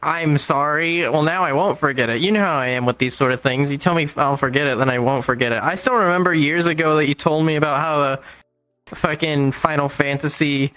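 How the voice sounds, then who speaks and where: A man's voice: fairly high pitch, fairly quick, sharp tone, clean tone, dry recording, faint music behind, poor audio. A man chatting casually on a stream, blunt and teasing, swearing freely. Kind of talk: casual chat.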